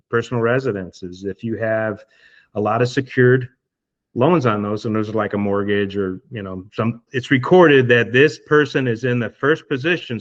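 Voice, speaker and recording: Male podcast guest, relaxed explainer who thinks out loud, slightly muffled recording. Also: mid-range voice. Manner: explains through hypothetical scenarios, many fillers. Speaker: estate planning guest.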